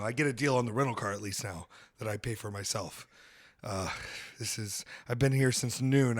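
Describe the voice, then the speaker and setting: A man hosting a podcast, chatting in a rambling comedic way and jumping into loud high outbursts. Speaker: podcast host. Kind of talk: casual comedic chat.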